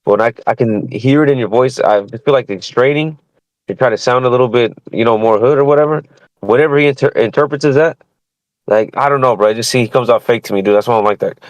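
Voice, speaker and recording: Brief: male panelist, rapid delivery, dry close sound, slangy, tacks on "bro" and "dude". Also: medium pitch, dry recording, highs cut off. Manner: fast, slangy, ends phrases with "bro" and "dude". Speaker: podcast panelist. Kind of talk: casual boxing chat.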